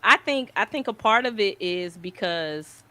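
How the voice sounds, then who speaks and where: A woman's voice: medium pitch, expressive, a little slow, sharp tone, no room sound. Emphatic woman in dry close sound. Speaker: podcast co-host. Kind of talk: casual chat.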